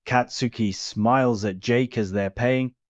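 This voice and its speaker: A man reading fan fiction aloud in a steady, plain storytelling way. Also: mid-range voice, a little slow, dry recording, dull audio. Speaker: reader. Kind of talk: fanfiction story narration.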